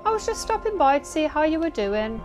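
A stern middle-aged policewoman speaks in slow, earnest warnings with an ominous edge, as a woman reads her from a game. The voice is lifted and a little louder than plain talk. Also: sits high, big pitch swings, soft background music, pitched above the performer's own voice.

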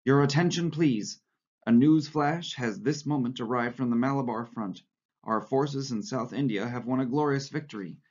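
A male teacher voicing a rasping state news announcer who proclaims a war bulletin from a novel. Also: mid-range voice, normal speed, darkish tone, close to an everyday voice. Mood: proclaiming. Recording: slightly dull lo-fi recording.

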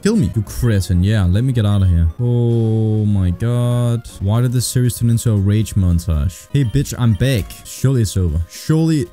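Swearing young gamer, dark voice. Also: male voice, on the low side, a little fast, hardly any pauses, soft background music. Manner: excitable, swears a lot, frustrated ranting. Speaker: gaming streamer. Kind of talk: casual gameplay commentary.

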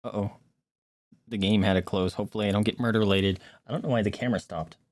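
A woman's voice: extremely low pitch, steady tone, fast, darkish tone, dry recording, faint music behind. A woman live-streaming a video game, swearing, yelping and chattering to herself and her chat as enemies attack. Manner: swears, yelps and shrieks at enemies, talks to chat. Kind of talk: live gameplay commentary.

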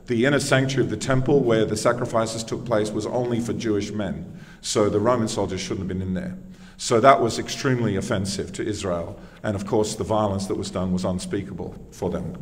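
A man's voice: on the low side, fairly even intonation, a little fast, in a large hall. A man preaching a sermon, telling the story conversationally and asking emphatic rhetorical questions. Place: church.

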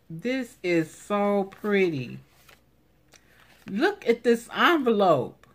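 A woman vlogger chatting casually while opening craft mail, gushing and exclaiming over each piece. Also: medium pitch. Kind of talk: casual unboxing chat.

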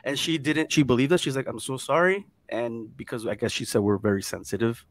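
Animated man telling a spooky story. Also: mid-range voice, fast talker, no echo. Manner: animated, drops to hushed tones at scary parts. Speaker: guest storyteller. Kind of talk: casual chat, telling a ghost story.

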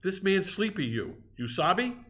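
A grinning, jovial old innkeeper, as a male reader puts him on, coaxing and teasing in a lifted, brighter voice. He sounds like a storybook tavern keeper. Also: high voice, big pitch swings, normal speed, voice pushed up.

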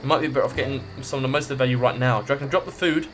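A man's voice: mid-range voice, racing, a bit bright, slight background noise. A man doing casual gameplay commentary, swearing freely and reading the game's text aloud. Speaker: gaming video creator.

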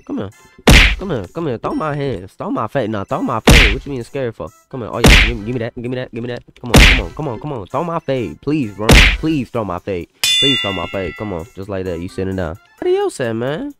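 A young man commentating his own gameplay in a hyped, taunting stream of trash talk. His voice swings widely in pitch at a middling register, over loud game music and whacking hit sounds. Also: very animated, fairly quick. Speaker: gaming YouTuber.

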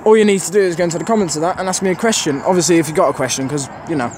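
A man's voice: a little high, racing, a little mellow, a little hiss or hum. A man filming trains on an outdoor station platform, giving a rambling, casual commentary full of fillers to his camera mic. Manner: chatty, rambling, thinks aloud with many fillers.

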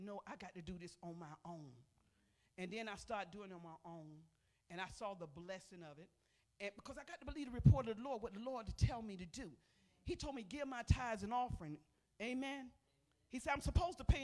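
An older woman preaching a personal testimony from a church pulpit. She speaks in a folksy, conversational way and keeps calling out to the congregation. Her voice jumps from loud, emphatic bursts to near-murmured asides. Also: mid-range voice. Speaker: pastor. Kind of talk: testimony sermon. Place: church sanctuary.

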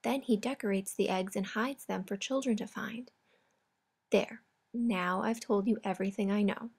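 A woman voicing a gentle, loving mother hare in a storybook. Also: mid-range voice, normal speed, gravelly, slightly rough.

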